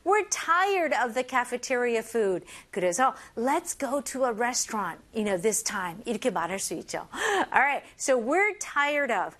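A young woman teaching English phrases and switching between two languages, modeling each phrase slowly and clearly in a cheerful way. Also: on the high side, animated, a bit bright. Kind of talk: bilingual English lesson.

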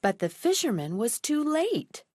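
A woman reading a children's picture book aloud in a slow, expressive, clearly paced way. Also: high voice, no room sound, studio quality. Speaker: storyteller. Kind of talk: children's storybook read-aloud.

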